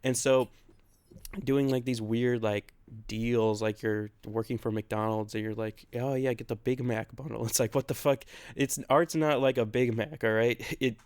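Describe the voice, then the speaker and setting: A man's voice: medium pitch, steady tone, measured pace, a little mellow, clean tone. A man co-hosting a podcast in casual chat, rambling a bit, laughing often and swearing loosely. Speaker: podcast co-host. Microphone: own separate recording.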